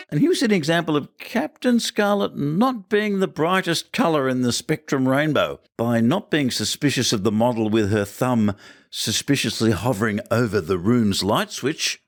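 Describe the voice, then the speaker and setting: A man hosting a podcast, reviewing an episode in a wry, joking commentary and firing off rhetorical questions. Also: medium pitch. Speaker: podcast host.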